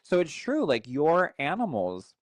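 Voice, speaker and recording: A man co-hosting a podcast as a psychic medium, telling stories in an animated, chatty way and reading viewer comments aloud. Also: on the high side, a little slow, dry recording. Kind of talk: casual podcast chat.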